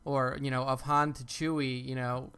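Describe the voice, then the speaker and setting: A man's voice: medium pitch, level tone, normal speed, a bit bright, smooth. A man co-hosting a podcast, agreeable and hesitant, with many fillers and some swearing. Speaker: podcast co-host. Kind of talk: casual chat.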